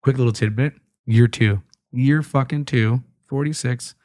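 A man's voice: mid-range voice, measured pace, no echo. A man hosting a podcast, telling stories in casual, profane chat and acting out the voices of people he quotes. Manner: animated storyteller, acts out quoted voices. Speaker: podcast host. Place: trade show venue.

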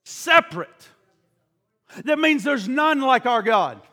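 A man preaching a sermon with fervor, shouting the high points and sinking to a quiet, hushed voice for the solemn passages. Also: expressive, slow pace. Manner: impassioned, shouting at peaks, then dropping to a hushed low voice.

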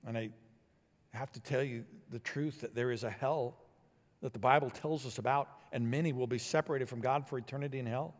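A man preaching a sermon as pastor, building to emphatic swells and then dropping low and quiet. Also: fairly even intonation, fairly quick, long reverb tail.

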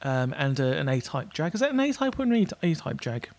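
A man's voice: fairly high pitch, big pitch swings, a little fast. A man co-hosting a podcast, casually recapping a show with many fillers and brief character mimicry. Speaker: podcast co-host. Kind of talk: casual chat recapping an episode.

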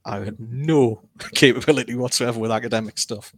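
A man's voice: medium pitch, brisk, a bit bright, breathy edge. A man, speaking as an author guest in a casual interview, candid and self-deprecating as he tells his story.

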